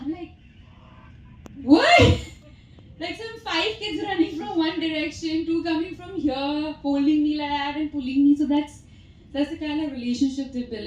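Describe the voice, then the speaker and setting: A woman's voice: sits high, dark tone, recorded from a distance. A woman in her thirties with an Indian English accent, an actress telling chatty stories at a press meet and laughing often. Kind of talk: press conference answers. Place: press hall. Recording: echoey hall, faint background noise.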